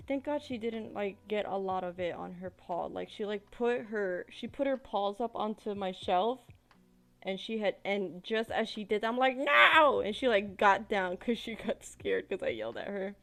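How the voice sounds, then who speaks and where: A woman's voice: mid-range voice, normal speed. A woman streamer chatting casually while she crafts, rambling, profane and full of fillers.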